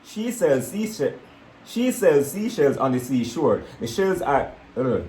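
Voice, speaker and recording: A man on a vlog, teasing his partner and reading tongue twisters slowly and deliberately. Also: mid-range voice, very animated, dark tone, slight background noise. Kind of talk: playful tongue-twister challenge. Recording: echoey room.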